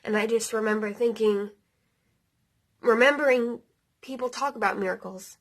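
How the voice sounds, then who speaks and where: A woman's voice: a little high, moderate pace, pauses often. A woman in her thirties telling a personal story in a casual, rambling way, full of fillers and the odd swear word, emotional at times. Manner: emotional, near tears. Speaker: vlogger.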